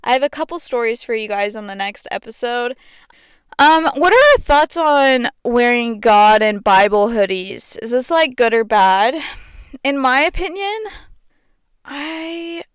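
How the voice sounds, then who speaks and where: A young woman talking casually into her podcast mic, her voice a touch high, smooth and clear. She rambles in a chatty way, with "like" scattered all through her sentences, and the sound is dry and close. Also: animated, a little slow, dry recording. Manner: chatty, fills speech with "like". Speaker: podcast host. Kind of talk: casual chat.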